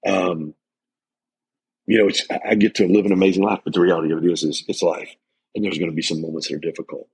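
A man's voice: sits low, fairly even intonation, fast, slightly rough, rough recording. A middle-aged man hosting a motivational podcast, talking earnestly and emphatically with many restarts. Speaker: life coach and podcast host.

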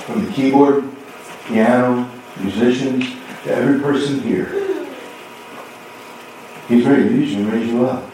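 A man preaching a sermon as pastor, telling a story and acting out both sides of a conversation with lively swings in voice. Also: medium pitch, slight background noise. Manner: animated storytelling, acting out dialogue. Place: church sanctuary. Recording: echoey hall from far off.

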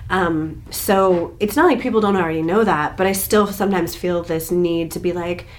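Expressive woman in casual chat. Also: fairly low pitch, normal speed, a little hiss or hum. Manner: animated, expressive storytelling with laughs.

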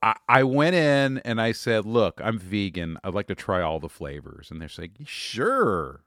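A man's voice: on the low side, no room sound. A man co-hosting a casual podcast, joking around and stretching out words for emphasis on a studio microphone. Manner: lively, jokey, drawn-out emphasis. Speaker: podcast co-host.

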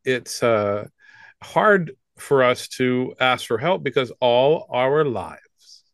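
A man in his fifties guesting as a comedian, talking in a loose, rambling way full of jokes and restarts. His voice sits at an ordinary middle pitch. The sound is dry and close, with no room echo. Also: expressive, takes it slowly, fairly bright tone. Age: 50s. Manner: rambling and joking, with many restarts. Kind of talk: casual interview talk.

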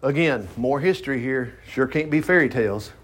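A man's voice: mid-range voice, animated, normal speed. A man leading a casual Bible study, reading scripture aloud and riffing on it in a folksy, conversational way with asides. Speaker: pastor. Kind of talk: informal Bible study sermon.

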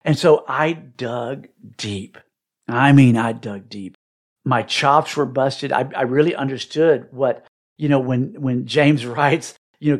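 A man's voice: medium pitch, unhurried. A middle-aged man telling an emotional personal story as a podcast guest, acting out what people said with dramatic swings. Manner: animated, dramatic re-enacting of quotes.

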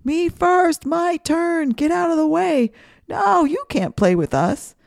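A woman voicing a crowd of pushy young snake students from a children's storybook, shouting over each other in a shrill, squeaky voice. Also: animated, takes it slowly, creaky, dry recording, studio quality, exaggerated voice. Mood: bossy, shouting.

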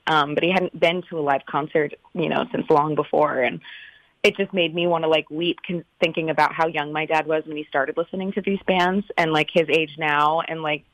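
A woman from Northern California, a stage actress, telling stories in an animated, chatty way during an interview. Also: deep voice, fairly quick, no room sound, low-quality recording. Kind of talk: casual interview chat.

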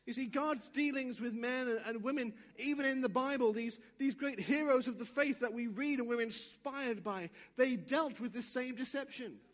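A male pastor giving a sermon, acting out little dialogues and swinging from quiet asides to shouts. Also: extremely high pitch, moderate pace, few pauses, long reverb tail.

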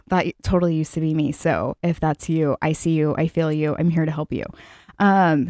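Woman, late twenties, podcast host, lowish voice, dry close sound, chatty, swears a lot. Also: darkish tone, no echo. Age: late 20s. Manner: chatty, swears freely, bursts of hype. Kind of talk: casual motivational podcast chat.

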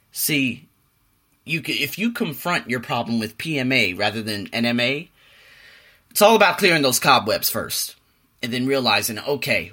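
A man's voice: medium pitch, pushed and bright. A young adult man hosting a podcast, reading a self-help passage and then talking casually in an emphatic, motivational way. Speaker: podcast host.

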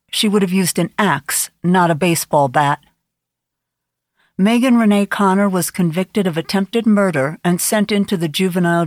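Low-voiced woman narrating an audiobook. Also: no room sound, studio quality. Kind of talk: scripted narration.

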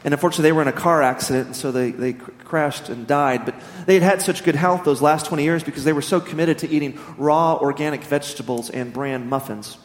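A man preaching to a congregation, spinning stories with humor and energy. His voice sits fairly high. Long hall reverb trails each phrase. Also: fast talker, hardly any pauses. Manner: animated storytelling, humorous. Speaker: pastor. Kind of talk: sermon.

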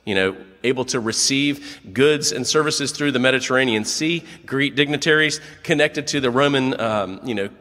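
Animated man preaching in a reverberant church. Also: mid-range voice, normal speed, few pauses. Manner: animated storytelling, acts out quotes. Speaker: pastor. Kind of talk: sermon.

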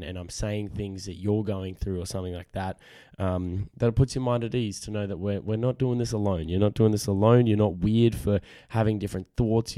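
A young man hosting a casual solo podcast, husky from a cold, earnest and rambling, often repeating words. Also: lowish voice, dark tone, no echo, studio quality. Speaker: podcast host. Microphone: studio podcast microphone.

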